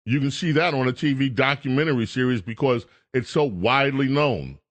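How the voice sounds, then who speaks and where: A man's voice: medium pitch, fairly quick. A man hosting a talk radio show, scolding and emphatic in a political commentary rant.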